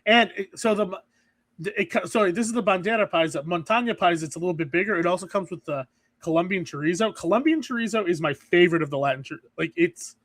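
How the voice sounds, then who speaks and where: A man's voice: sits high, quick pace, fairly bright tone. A man co-hosting a podcast in casual chat, rambling and restarting his sentences often. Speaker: podcast co-host.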